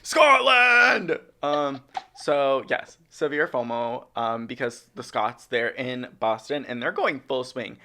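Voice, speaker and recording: Young man, podcast co-host, casual rambling chat, lots of ums, mid-pitched voice. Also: measured pace, hardly any pauses, fairly bright tone, slight background noise. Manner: chatty, rambling with many ums. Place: podcast studio.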